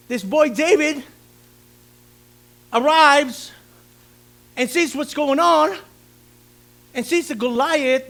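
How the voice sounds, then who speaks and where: A male pastor preaching a lively sermon, acting out the story's characters and calling out questions to his congregation. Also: very high voice. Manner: theatrical, asks the congregation questions. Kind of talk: animated sermon with acted-out voices.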